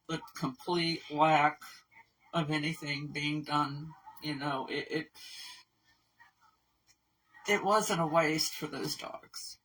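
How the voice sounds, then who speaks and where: A woman's voice: deep voice, fairly bright tone, distant mic, low-quality recording. A middle-aged woman who runs an animal rescue, talking in a casual video update, emotional and rambling, poking fun at herself. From Kentucky. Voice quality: gravelly, husky. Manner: emotional, tearful, rambling and self-deprecating.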